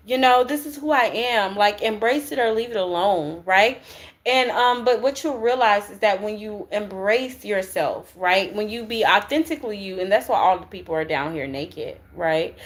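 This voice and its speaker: A woman giving a casual spiritual tarot reading, chatty and slangy, often checking in with "right?" and throwing in curse words. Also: on the high side. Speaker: tarot reader.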